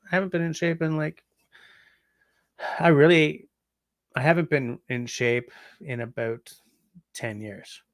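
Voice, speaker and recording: A tired Canadian man in his forties hosts a casual livestream, rambling and chatty as he reads through chat messages, yawning and saying um a lot. His voice is on the high side with fairly even intonation, a little slow with long pauses. The sound is studio quality with no room sound.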